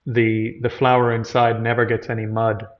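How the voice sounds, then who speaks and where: A man's voice: medium pitch, little pitch movement, moderate pace, highs cut off. A man giving a teaching talk, retelling an old scripture story and explaining its terms as he goes. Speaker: lecturer on Buddhism.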